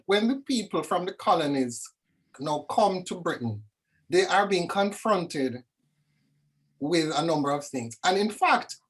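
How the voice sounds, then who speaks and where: A woman from Jamaica, speaking reflectively as a guest over a video call, animated and storytelling. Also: on the low side, husky. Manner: animated, lively storyteller with dramatic asides. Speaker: discussion guest. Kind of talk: reflective conversation.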